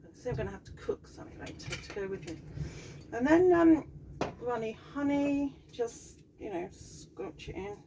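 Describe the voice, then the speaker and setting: A woman's voice: on the high side, big pitch swings, normal speed, warm tone. A woman with a Southern English accent, a piano teacher chatting casually in a rambling, easygoing cooking vlog from her home kitchen. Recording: distant mic, faint background noise.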